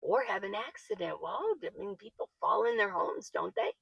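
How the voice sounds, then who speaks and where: A woman's voice: medium pitch, very animated, moderate pace, creaky, a bit bright, husky, dry recording, muffled recording. A woman, older, talking casually to camera and answering viewer comments, chatty and laughing often, sometimes getting worked up. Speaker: van-life vlogger. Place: living in her minivan.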